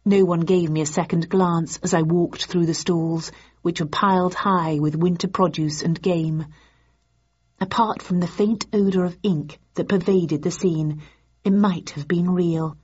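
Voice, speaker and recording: A woman narrating a first-person audiobook in a dry, measured way, heard on a dull lo-fi recording. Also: fairly low pitch, fairly even intonation, a little mellow, slightly rough.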